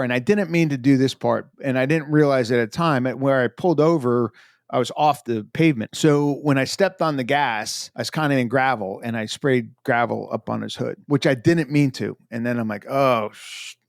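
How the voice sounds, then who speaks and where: A retired FBI agent in an interview, telling a story in a casual, animated way and acting out the things he said. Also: medium pitch, a little fast, gravelly, dry recording, clean studio sound. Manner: animated, acts out his own quoted lines.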